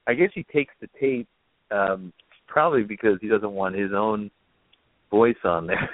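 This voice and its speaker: A man's voice: fairly low pitch, normal speed, no echo. A man casually retelling a film's plot in a rambling, filler-heavy way, as a podcast host. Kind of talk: casual film recap chat. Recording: tinny phone-like line.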